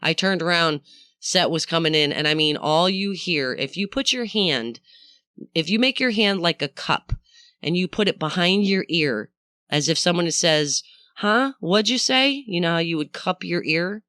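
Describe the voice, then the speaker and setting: A woman hosting a podcast, telling a story in a casual, animated way, swearing freely and talking straight to the listener. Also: lowish voice, moderate pace, clean tone, dry recording, studio quality. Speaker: podcast host.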